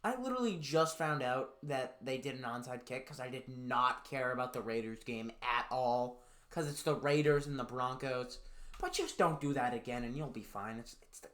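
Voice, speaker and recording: A man's voice: medium pitch, fairly bright tone. A man giving casual sports predictions in a profane, sarcastic rant, swinging from fired-up outbursts to glum muttering. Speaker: NFL picks YouTuber.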